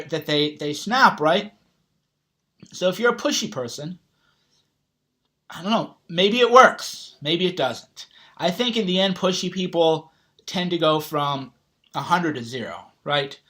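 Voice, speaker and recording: A man delivering a self-help talk in a slightly high voice, blunt and casual with plenty of cursing. He rambles from point to point and keeps checking in with "right?" along the way. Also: bright, forceful tone. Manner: blunt, heavy swearing, casual slang; rambling, with frequent "right?" asides. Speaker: self-help author and vlogger. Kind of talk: motivational talk to camera.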